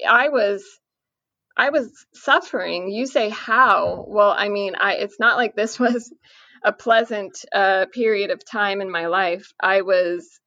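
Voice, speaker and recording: A woman's voice: medium pitch, pushed and bright, no echo. Earnest woman, dry muffled sound. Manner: earnest, measured, with fillers and restarts. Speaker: guest, parent of a son with addiction. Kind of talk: conversational podcast interview.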